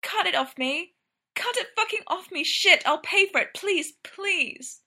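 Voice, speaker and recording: A woman's voice: high-pitched, very animated, slow pace, pushed and bright, voice pushed up, exaggerated voice. A woman voicing a flustered young woman laced into a tight corset, whiny and exclamatory. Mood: frantic.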